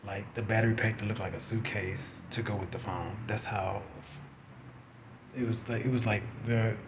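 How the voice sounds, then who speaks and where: A man in his forties telling a personal story in a casual, animated way, swearing and acting out what people said. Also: fairly low pitch, normal speed, background noise. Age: 40s. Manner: animated, profane, acting out quotes. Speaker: vlogger.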